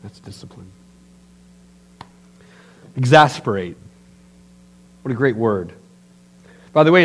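A man preaching a sermon in church as pastor, animated and emphatic, speaking straight to his listeners. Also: sits high.

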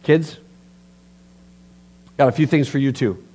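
A man preaching a sermon in church as pastor, animated and emphatic, speaking straight to his listeners. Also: mid-range voice, slow pace, breathy edge.

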